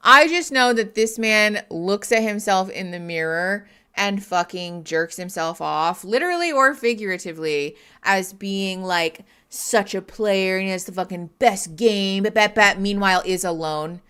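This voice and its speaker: A woman's voice: medium pitch, unhurried, few pauses, bright, forceful tone, smooth. A woman streamer giving live reaction commentary on a reality show, ranting with profanity and sarcasm.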